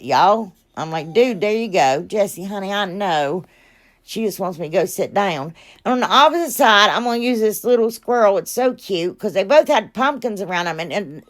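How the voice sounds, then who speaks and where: Chatty woman crafting on her vlog. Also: medium pitch. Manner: chatty and rambling, talks to viewers as "y'all"; self-deprecating, laughs at her own mistakes. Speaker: craft channel host. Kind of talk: casual DIY crafting vlog.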